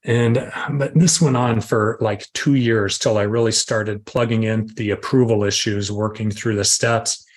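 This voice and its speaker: A man's voice: lowish voice, fairly even intonation, measured pace, hardly any pauses. A middle-aged man giving a candid, self-deprecating recovery share, acting out his own inner voices. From Arizona, USA. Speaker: recovery speaker.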